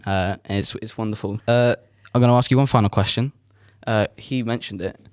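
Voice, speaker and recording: A man's voice: on the low side, steady tone, brisk, clear, resonant tone, no echo. A young English man hosting a student podcast, chatty and jokey, asking his guests questions. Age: young adult. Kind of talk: casual chat.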